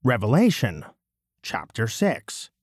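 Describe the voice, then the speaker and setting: A man giving a measured, solemn, declamatory scripture reading. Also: mid-range voice, wildly swooping pitch, slightly rough, no echo, studio quality. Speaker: scripture reader.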